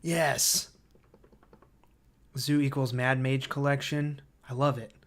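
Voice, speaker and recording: A man hosting a livestream who reads viewer comments aloud and thinks out loud, hesitant and full of fillers, easily excited by ideas. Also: medium pitch, normal speed. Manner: enthusiastic about ideas. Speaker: livestream host.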